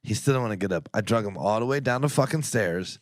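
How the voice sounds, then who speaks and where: A man's voice: lowish voice, expressive, fast talker, no room sound. A man co-hosting a podcast, telling a story in blunt, profane, worked-up casual chat, openly annoyed. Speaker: podcast co-host.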